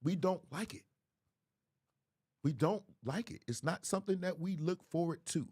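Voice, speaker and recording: A man's voice: on the high side, moderate pace, darkish tone, husky. A man, hosting a livestream commentary in an emphatic, preachy way, repeating phrases for effect. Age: 40s. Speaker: host.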